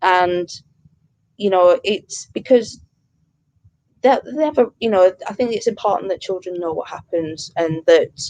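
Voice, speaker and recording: Earnest woman with a creaky voice. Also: fairly low pitch, measured pace, darkish tone, poor audio. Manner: earnest, heartfelt, with many fillers and restarts. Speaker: pet bereavement counsellor. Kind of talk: interview conversation.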